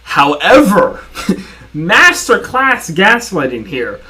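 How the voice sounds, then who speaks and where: Argumentative young man, fairly high voice. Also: wildly swooping pitch, slow, sharp tone. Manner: argumentative, sarcastic, repeats and restarts. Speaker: commentary video host. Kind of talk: reaction commentary.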